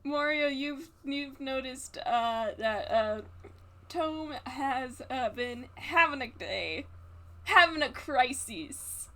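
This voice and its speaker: High, bright woman running a tabletop game. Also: animated. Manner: halting, many fillers and restarts. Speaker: game master. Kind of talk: narrating a tabletop role-play game.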